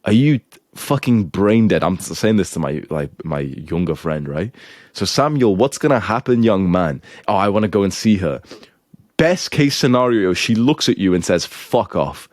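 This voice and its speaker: A young man with a fairly low voice talks straight into a dry, close mic with almost no room sound. He scolds and swears as he gives blunt relationship advice, and his manner stays crude and harsh. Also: big pitch swings, moderate pace, no echo. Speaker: self-improvement advice host.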